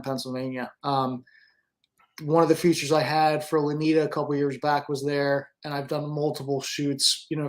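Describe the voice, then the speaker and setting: A man who is a guest photographer in a casual studio chat, easygoing and agreeable. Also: a little high. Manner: easygoing, agreeable, short replies.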